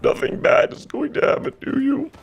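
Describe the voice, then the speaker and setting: A man voicing a sinister male stranger in a high, breathy half-whisper, coaxing and menacing. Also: moderate pace, dull audio, natural voice.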